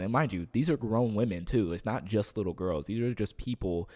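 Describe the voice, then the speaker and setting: A man with a fairly low voice talks casually on a podcast. His stories ramble, full of restarts and filler words, and he swears now and then. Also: fairly quick, hardly any pauses. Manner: rambling, animated storytelling with many fillers and restarts. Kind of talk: casual chat.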